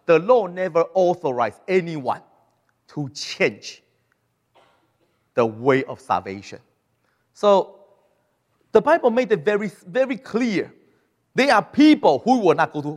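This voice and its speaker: A man delivers a lively sermon, his voice sitting high for a man. He speaks with non-native grammar and acts out the voices of the people he quotes. The recording carries a long reverb from a church hall. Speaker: preacher.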